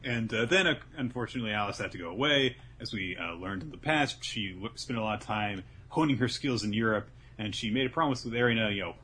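Guy recapping a story on a podcast, low-ish voice, crisp bright tone, does little voices. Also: fast, hardly any pauses, a little hiss or hum. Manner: animated retelling, acting out quotes. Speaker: podcast host.

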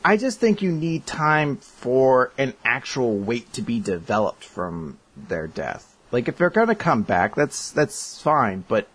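Husky-voiced excitable man host. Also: medium pitch. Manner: excitable, laughs often, rambles. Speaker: podcast host reading listener questions. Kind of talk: casual chat.

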